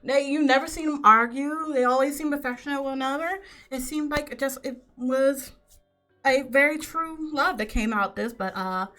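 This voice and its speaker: A woman narrating a tabletop role-playing game as game master, animated and often laughing. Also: high voice, normal speed, faint music behind.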